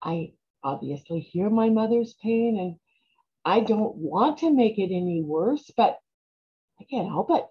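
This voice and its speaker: A woman performing a stage monologue about her girlhood. She sounds stubborn and indignant, and bursts into shouts. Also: medium pitch, expressive, unhurried, dull audio.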